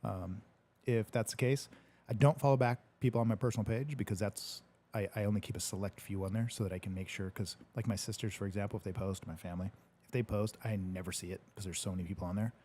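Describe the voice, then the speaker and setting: This man talks fast in a fairly low, mellow voice with a steady tone. As host of a relaxed home-studio livestream, he reads live comments, jokes around, and swears occasionally.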